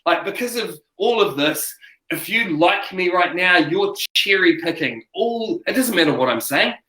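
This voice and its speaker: A New man speaks as a guest in a relaxed interview, retelling stories with lots of energy and plenty of false starts. His voice sits on the higher side for a man. The room is roomy and echoey around him. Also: normal speed. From New Zealand. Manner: animated storyteller, acts out quotes, many restarts. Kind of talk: casual interview chat. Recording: roomy echo.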